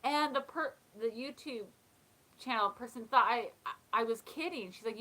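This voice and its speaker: A woman's voice: fairly high pitch, moderate pace, pushed and bright, low-quality recording. A woman hosting a casual live chat, talking in a chatty way, often laughing and reading comments aloud. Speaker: live stream host.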